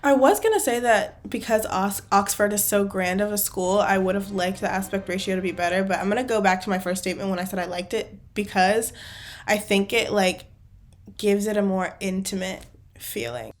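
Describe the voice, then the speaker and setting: A woman's voice: medium pitch, normal speed. Chatty woman reacting to a movie. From not British. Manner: chatty, laughs often, many fillers. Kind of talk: casual movie reaction commentary.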